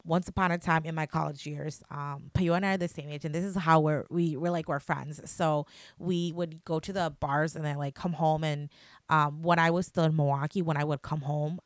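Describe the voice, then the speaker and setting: Young woman talking through a spooky story, low voice, lots of likes, dry close sound. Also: brisk, no echo. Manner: animated, chatty, lots of "like" fillers; swears casually. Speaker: podcast host. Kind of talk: casual storytelling.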